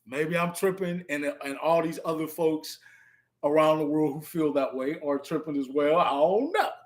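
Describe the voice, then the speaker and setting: A man's voice: fairly high pitch, normal speed. A man hosting a live stream in a casual, laid-back way, chuckling often and spelling words out letter by letter as he chats with viewers.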